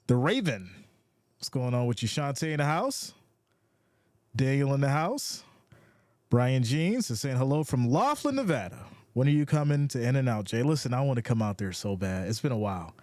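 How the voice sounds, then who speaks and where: A man's voice: mid-range voice, darkish tone, dry recording. A man with a New York accent hosting a casual live sports stream, upbeat and greeting viewers, often repeating his phrases.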